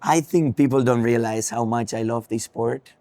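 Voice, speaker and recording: A man's voice: medium pitch, normal speed, dark tone, no echo. A young man with a Spanish accent, a racing driver, answering interview questions thoughtfully with frequent ums and restarts.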